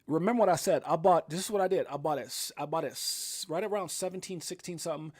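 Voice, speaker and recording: A man's voice: on the high side, fast, a little mellow, no room sound, clean studio sound. A middle-aged man hosting a casual livestream, telling a personal story with emphasis and acting out what people said. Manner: emphatic storytelling, acts out quoted exclamations. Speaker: livestream host.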